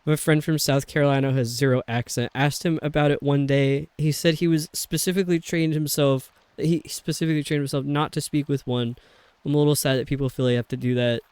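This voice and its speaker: A man's voice: on the high side, steady tone, a little fast, a little mellow, clear, resonant tone, dry recording. A man streaming a video game, chatting casually and rambling with lots of fillers. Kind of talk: casual chat while playing a video game.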